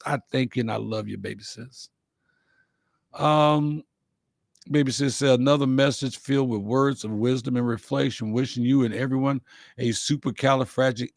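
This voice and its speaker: A man's voice: mid-range voice, vocal fry, no room sound, studio quality. A man hosting an inspirational show, speaking from the heart in folksy phrasing and repeating his key lines. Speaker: host of an inspirational livestream show. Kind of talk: heartfelt motivational talk.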